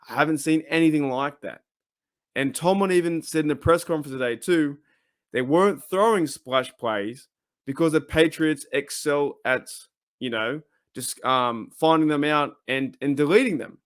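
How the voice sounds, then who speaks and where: Male fan-channel host, casual rant, emphatic and repetitive, slightly raised pitch, dry close mic. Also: no room sound. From Australia. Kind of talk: casual ranting commentary.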